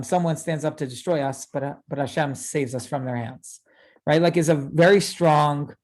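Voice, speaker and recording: A man in his thirties, a rabbi giving a casual lecture, chatty and full of fillers and tag questions. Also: a little high. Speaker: rabbi teaching a class.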